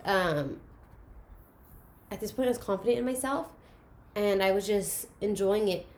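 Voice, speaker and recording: A young woman casually telling a personal story about her school years, animated and acting out the voices of the people in it. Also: medium pitch, unhurried. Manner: animated, acts out quoted voices, laughs through emotional moments. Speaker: guest sharing her story.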